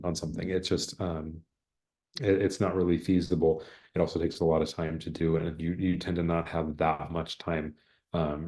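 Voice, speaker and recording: A man with a very low, deep voice gives an online lecture over a video call. He explains things conversationally and reads example sentences aloud to show them. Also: darkish tone. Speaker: exam prep presenter.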